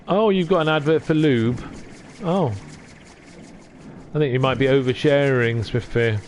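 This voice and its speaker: A man's voice: mid-range voice, a little slow, soft background music. A man live-streaming a game, chatting casually, reading dialogue aloud and laughing at himself. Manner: chatty, self-deprecating, reads dialogue aloud.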